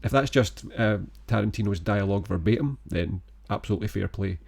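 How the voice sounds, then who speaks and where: A man co-hosting a film podcast in easygoing, rambling chat. His voice sits on the low side with a gravelly edge of fry. He sounds keen and a little meandering. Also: a little fast. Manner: relaxed, rambling, enthusiastic. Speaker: podcast co-host. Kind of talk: casual film-review chat.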